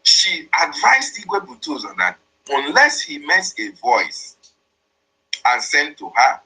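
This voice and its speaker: A man's voice: a little high, wildly swooping pitch, slow, sharp tone, breathy edge, rough recording. A man, explaining and interpreting a played voice message in a repetitive, emphatic way. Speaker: commentator.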